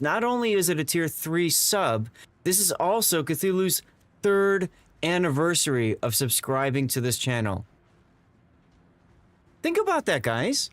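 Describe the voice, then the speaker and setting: A man's voice: on the high side, very animated, measured pace, long pauses, no room sound. A man streaming live to his viewers, emotional and stammering, repeating himself as he thanks them. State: tearing up. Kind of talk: excited live-stream chat.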